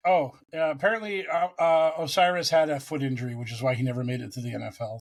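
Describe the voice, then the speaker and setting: A man's voice: medium pitch, fast talker. Rambling, profane man. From United States. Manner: rambling, profane, animated storytelling. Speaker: podcast co-host. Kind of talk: casual sports chat.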